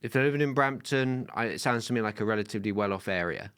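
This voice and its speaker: A man co-hosting a comedy podcast, teasing and laughing in animated banter. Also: fairly low pitch, fast talker, clean tone, no room sound, studio quality. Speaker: podcast co-host. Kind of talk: casual comedy chat.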